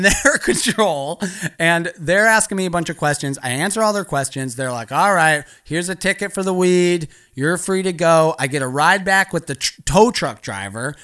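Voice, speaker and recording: A male comedian spins a long, rambling story, swearing freely and breaking into laughter mid-sentence. His voice sits a little high and sounds bright and edgy. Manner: profane, rambling, laughs through lines. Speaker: stand-up comedian.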